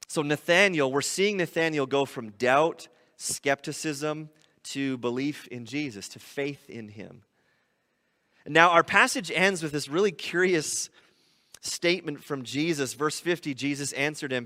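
A man's voice: fairly high pitch, lively intonation, a little slow, bright, forceful tone, big-room sound. A man preaching a teaching sermon, talking through scripture conversationally and asking his listeners rhetorical questions. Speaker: pastor. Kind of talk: expository sermon.

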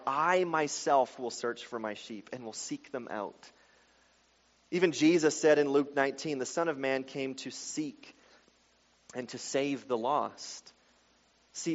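A man preaching a sermon, moving between quiet explanation and loud, emphatic passages. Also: mid-range voice. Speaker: pastor. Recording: dull sound with long hall reverb.

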